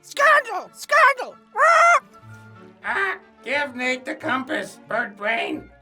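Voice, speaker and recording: A woman's voice: high voice, wildly swooping pitch, slow pace, full character voice. A woman voicing a cheeky, squawking talking parrot in a video game that mocks its owner. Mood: mocking. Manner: squawking, mocking. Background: game music.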